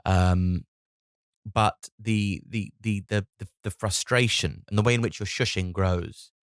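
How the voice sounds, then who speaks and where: A man's voice: fairly low pitch, steady tone, unhurried, smooth, no room sound, clean studio sound. A tired man in his thirties hosting a solo comedy podcast, rambling with many restarts and casual swearing. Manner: swears casually, wry and self-mocking. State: tired from lack of sleep.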